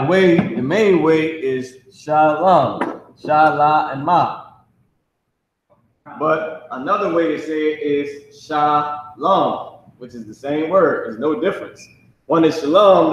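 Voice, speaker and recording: Man, class teacher, blunt, emphatic, profane, slightly high voice. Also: fairly bright tone, rough recording.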